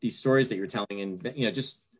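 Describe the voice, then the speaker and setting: A man's voice: fairly low pitch, quick pace. Casual male host on a video call. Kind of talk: casual interview.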